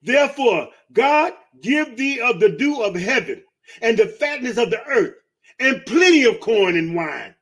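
A man with a very high voice reads scripture aloud on a radio program. He reads steadily through the passages and drops in short reactions between verses. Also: very animated, measured pace, a bit bright. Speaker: scripture reader on a radio show.

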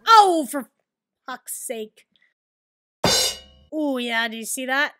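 Excitable high-voiced woman gamer. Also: slow, faint music behind. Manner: excitable, swears and yells at the game. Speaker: gaming video host. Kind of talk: casual gameplay commentary.

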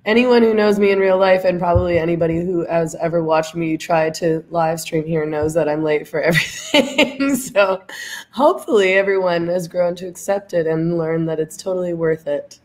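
Congested from a cold, a woman hosts a livestream of casual chat, talking a lot, laughing often and using many fillers. Her voice is on the low side, with fairly even intonation at a normal speed.

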